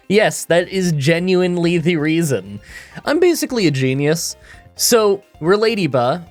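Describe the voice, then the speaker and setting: Stuffy-nosed man with groggy morning voice. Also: fairly high pitch. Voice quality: nasal, stuffy. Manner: dry self-mocking humor. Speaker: gaming YouTuber. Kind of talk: scripted voice-over commentary. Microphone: recording booth.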